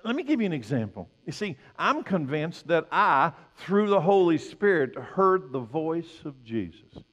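Male pastor preaching, bit high voice, loud bursts then quiet low bits, long hall reverb. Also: big pitch swings, unhurried, muffled recording. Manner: dynamic preaching, swinging from loud emphatic peaks to hushed low lines. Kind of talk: sermon.

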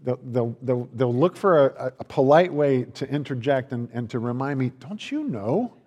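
A male pastor preaches in a loose, conversational style, restarting often and playfully acting out other people's voices in quoted dialogue. His mid-range voice is darkish with fairly even intonation at a normal speed. The audio is dull and carries the long reverb of a large hall.

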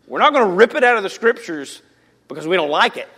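A man preaching a sermon in a church, impassioned, swinging from loud emphasis down to hushed lines. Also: high-pitched, sing-song, quick pace, breathy edge. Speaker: pastor. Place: church sanctuary.

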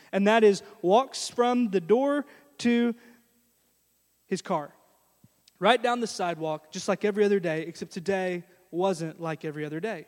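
A man preaching a sermon in a church, telling a story in an animated way and speaking straight to the congregation. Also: high voice, unhurried, long pauses. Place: church sanctuary. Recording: long reverb of a church hall.

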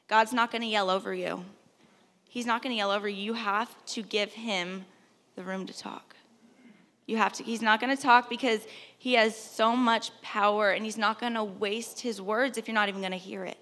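A woman preaching a sermon in a church hall, talking conversationally, asking rhetorical questions and dropping at times to a soft hush. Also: mid-range voice, steady tone, a little fast. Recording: long reverb of a hall.

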